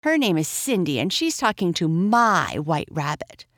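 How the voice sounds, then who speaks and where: A woman's voice: wildly swooping pitch, fairly quick, vocal fry, no room sound, studio quality, heavily acted. A woman voicing a bossy, demanding young girl who snaps and shrieks at others. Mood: indignant. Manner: demanding, shrill.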